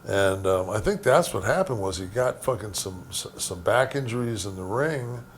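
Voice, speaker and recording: A man recalling old friends in a halting, reflective way, swearing often. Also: on the low side, animated, slight background noise. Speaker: wrestling guest recalling stories. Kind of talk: casual storytelling.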